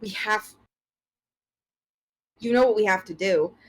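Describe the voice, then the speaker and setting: A woman's voice: medium pitch, measured pace, natural voice. A woman voicing an irritable male stable hand who snaps and swears. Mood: irritated. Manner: snappish, swearing.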